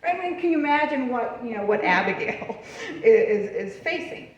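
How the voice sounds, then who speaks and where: A woman speaks to a library audience about history in a lively, chatty way, laughing often and asking "right?" as she goes. Her voice sits a little high and is picked up from some distance. It reaches the mic through a very echoey room with a slightly dull sound. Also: normal speed, a little hiss or hum. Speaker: history lecturer. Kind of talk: public library talk with slides. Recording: far from the mic, roomy and dull.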